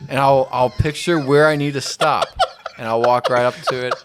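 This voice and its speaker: A man co-hosting a podcast, describing a personal pet peeve with self-mocking, animated energy. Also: mid-range voice, normal speed, very noisy. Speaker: podcast co-host. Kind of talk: casual chat.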